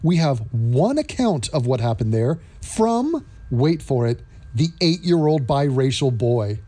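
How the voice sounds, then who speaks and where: A man's voice: mid-range voice, sing-song, unhurried, warm tone. A man hosting an opinion commentary vlog, talking in a sarcastic, mocking way.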